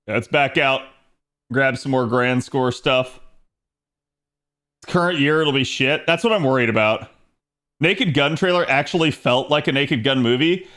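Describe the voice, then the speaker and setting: A man's voice: medium pitch, a little slow, pauses often, fairly bright tone. A man streaming a game, chatting casually with his viewers and laughing often as he plays. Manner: chatty, laughs often, talks to chat while playing. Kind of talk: casual gaming stream chat.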